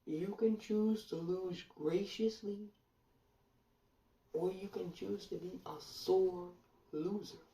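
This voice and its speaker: A woman delivers a blunt, sardonic monologue with a dark, mellow tone. Her voice sits a little back from the mic. The room gives it an echoey ring. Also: mid-range voice, steady tone, takes it slowly. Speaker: commentator. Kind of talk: opinion monologue. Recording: roomy sound from a distance.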